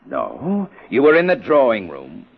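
A young, wry police inspector who questions people drily and firmly, his pitch moving lively. The recording is dull and muffled like an old radio broadcast. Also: measured pace, creaky, husky, exaggerated voice. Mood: sharp. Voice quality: dry, commanding. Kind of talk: 1950s radio drama acting.

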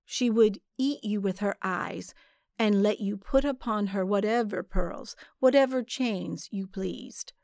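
A woman's voice: medium pitch, unhurried, gravelly, darkish tone, dry recording, studio quality. A woman voicing a weary, bound male sailor who speaks in a pleading, resentful way.

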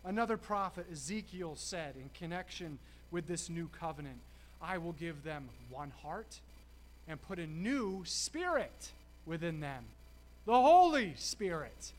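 A man preaching a sermon, emphatic, slowing and stressing key words with dramatic pauses. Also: a little high, expressive, a bit bright, slight background noise.

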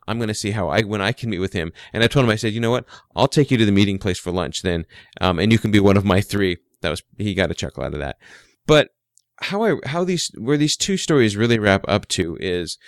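A man's voice: lowish voice, no echo, studio quality. A man who runs a small IT business, casually telling a story and giving advice, chatty and often restarting his words. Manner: chatty, repeats words, acts out quoted dialogue.

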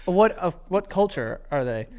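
Laid-back young man, lively voice. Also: sits high, measured pace, smooth. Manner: laid-back storyteller, acts out quotes. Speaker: podcast co-host. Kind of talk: casual chat.

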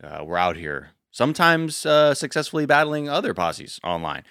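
A man's voice: fairly high pitch, sing-song, moderate pace, gravelly, pushed and bright, clear, resonant tone, no echo, studio quality. A man co-hosting a podcast, chatting loosely and joking, often laughing between lines. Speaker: podcast co-host. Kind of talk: casual chat.

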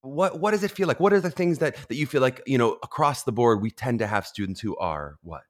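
A man's voice: mid-range voice, expressive, fairly quick. A man from the American South hosting an interview, chatty and playful as he asks questions. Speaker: podcast host. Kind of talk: podcast interview.

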